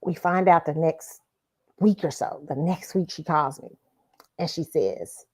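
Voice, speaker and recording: A woman's voice: low-pitched, measured pace, darkish tone, breathy edge. A woman hosting her own talk show, giving blunt dating opinions and telling a story, with frequent swearing and restarts. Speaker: show host.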